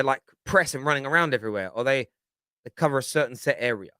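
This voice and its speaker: A man's voice: medium pitch, animated, quick pace, sharp tone, clean tone, dry recording. Chatty man, dry close sound. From Britain. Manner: rambling, repeats words, lots of 'do you know what I mean'. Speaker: football pundit on a fan show. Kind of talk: casual opinionated chat.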